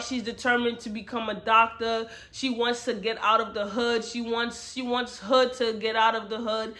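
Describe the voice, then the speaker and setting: A woman talks through a book she loved in a loose, chatty retelling, peppered with slang and quick asides to the viewer. Her voice is bright and forward, with a clear edge to it. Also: fairly high pitch. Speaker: book reviewer. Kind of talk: casual book review recap.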